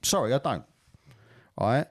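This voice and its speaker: A man's voice: mid-range voice, animated, unhurried, dry recording, studio quality. A man co-hosting a podcast, ranting and swearing in casual chat. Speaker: podcast co-host.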